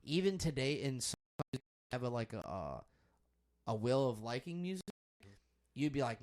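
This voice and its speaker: A man's voice: mid-range voice, very animated, normal speed, long pauses, darkish tone. A young man hosting a podcast, chatting casually and swearing loosely while he watches a basketball game. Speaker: podcast host.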